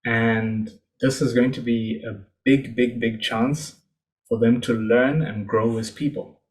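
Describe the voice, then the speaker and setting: A man hosting a reaction video, speaking in a calm, measured, moralizing way. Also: mid-range voice. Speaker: host. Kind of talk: reaction commentary.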